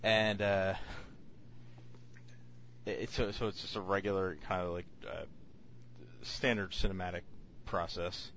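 A man's voice: low voice, flat delivery, a little slow, long pauses, a bit bright, highs cut off, a little hiss or hum. A man co-hosting a casual podcast chat, reviewing films in a rambling way with many fillers and restarts.

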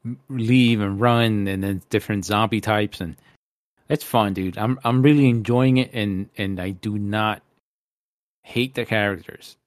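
Eager low-voiced man gushing about games. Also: fairly even intonation, measured pace, no room sound. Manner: enthusiastic, swears, says dude. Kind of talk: casual chat about video games.

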